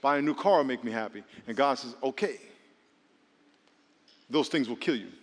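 A man's voice: mid-range voice, normal speed, big-room sound. A man preaching a sermon as pastor, joking and calling out questions to the congregation. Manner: lively, joking, calls on the congregation.

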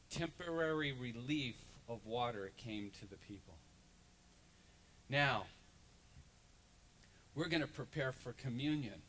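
A man, a pastor, preaching a lively sermon in a church and acting out the voices of people in the story. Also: mid-range voice, a little hiss or hum, low-quality recording. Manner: animated storytelling, acts out crowd voices. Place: church sanctuary.

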